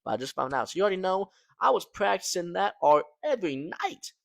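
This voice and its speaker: A man's voice: high-pitched, big pitch swings, fairly quick, creaky, fairly bright tone, dry recording. A young man casually telling a personal story to his viewers, slangy and loose, tossing in "man" and "right?" as he goes. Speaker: storytelling vlogger.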